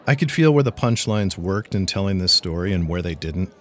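A man's voice: low voice, animated, brisk. A man hosting a podcast, looking back in thoughtful, plainspoken narration. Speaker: podcast host. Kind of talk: reflective narration.

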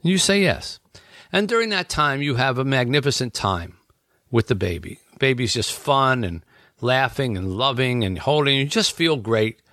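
A man's voice: medium pitch, lively intonation, normal speed, a bit bright, no echo, studio quality. A man talking as an author about his book, in an earnest, reflective conversation that he fills with everyday examples.

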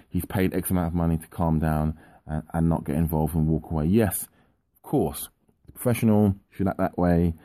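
Frustrated man ranting, dark lively voice. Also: lowish voice, dry recording. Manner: frustrated, repetitive. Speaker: podcast pundit. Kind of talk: ranting monologue.

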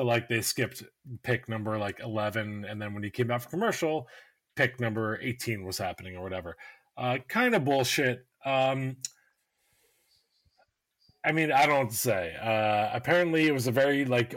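A man with a middle-pitched voice hosts a podcast in a laid-back, joking way. He laughs often and swears casually. The recording is dry and close. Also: normal speed, a bit bright, dry recording. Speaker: podcast host. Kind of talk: casual chat.

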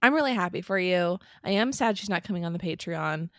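Young woman co-host, low-ish voice, supportive and chatty, dry close sound. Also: expressive, no echo. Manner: supportive reactions, quick laughs. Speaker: podcast co-host. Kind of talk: casual chat.

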